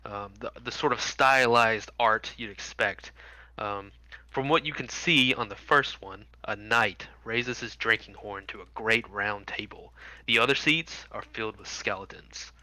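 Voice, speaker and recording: A man's voice: lowish voice, measured pace, bright, forceful tone, no room sound, rough recording. A man narrating as dungeon master of a tabletop game, describing scenes vividly with frequent fillers.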